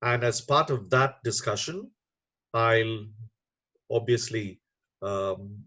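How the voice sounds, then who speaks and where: A man giving an online lecture on teaching reading, measured and unhurried, with frequent fillers. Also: medium pitch, fairly bright tone. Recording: muffled lo-fi webinar audio.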